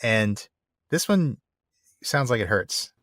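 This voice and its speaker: A man co-hosting a podcast in casual chat, earnest and a little halting. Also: lowish voice, animated, a bit bright, no echo, studio quality. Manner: earnest, halting, with many restarts. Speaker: podcast co-host.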